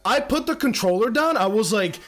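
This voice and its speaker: A man's voice: high-pitched, animated, fairly quick, fairly bright tone. A young adult man streaming live, ranting with heavy profanity. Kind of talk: casual livestream rant.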